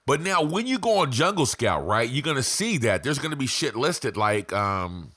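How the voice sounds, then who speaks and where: A man's voice: mid-range voice, big pitch swings, normal speed, fairly bright tone, husky, dry recording. A man hosting an online business lesson in a loose, profane, conversational way, laughing often and checking in with "right?" and "okay?". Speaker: online business course host. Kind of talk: casual screen-share tutorial. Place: home, abroad.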